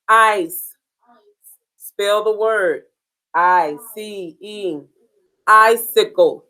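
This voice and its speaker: A woman teaching a beginners' phonics lesson, slow and deliberate, drilling sounds and spelling words letter by letter. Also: mid-range voice, bright, forceful tone, rough recording.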